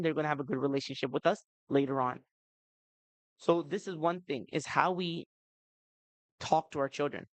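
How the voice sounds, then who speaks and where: A man's voice: fairly high pitch, no room sound, poor audio. A man in his thirties giving a talk to parents at a community event, chatty, with many asides to the audience. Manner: conversational, many "you know" and "right?" asides. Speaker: speaker at a family seminar.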